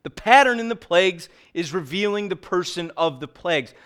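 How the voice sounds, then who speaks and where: Animated preacher man, higher voice. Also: normal speed, clean tone. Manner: animated storytelling with acted quotes; earnest, drops low and quiet for emphasis. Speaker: pastor. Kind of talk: sermon.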